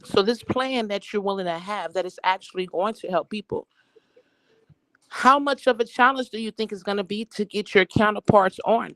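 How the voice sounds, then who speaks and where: A woman's voice: medium pitch, dry recording, rough recording. Blunt skeptical woman caller. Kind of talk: phone-in question.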